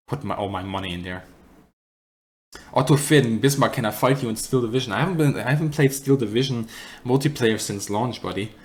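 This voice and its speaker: German man streamer, fairly low voice, rambling casual Q&A, faint background hiss. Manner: rambling, frequent restarts and self-corrections, dry humour. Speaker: streamer answering chat questions. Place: apartment.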